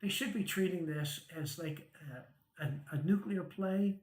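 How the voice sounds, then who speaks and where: A man's voice: high-pitched, a little slow, roomy sound, poor audio. Chatty man talking through stock charts. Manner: conversational, frequent "right?" and "okay?" check-ins, wry chuckles. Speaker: stock market show host. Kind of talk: casual chart commentary.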